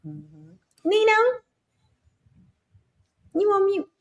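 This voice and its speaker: A woman's voice: extremely high pitch, huge pitch swings, very slow. A woman hosting a casual livestream chat, laughing often and sounding a bit sleepy as she wraps up. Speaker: livestream host.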